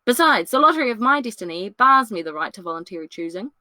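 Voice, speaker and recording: A woman's voice: medium pitch, sing-song, fast, bright, forceful tone, no echo. A woman reading a poised young noble lady. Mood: courteous. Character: noble young heiress, courteous and composed. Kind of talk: solo dramatic reading of a classic play.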